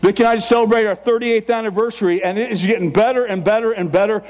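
Older guy pastor preaching, high pitched, talks fast and jokes around. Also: darkish tone. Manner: fast, emphatic, jokey. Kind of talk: sermon.

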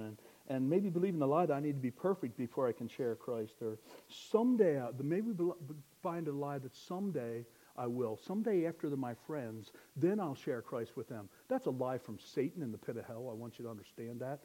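A young man preaching a sermon, building to loud, impassioned exhortation. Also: mid-range voice.

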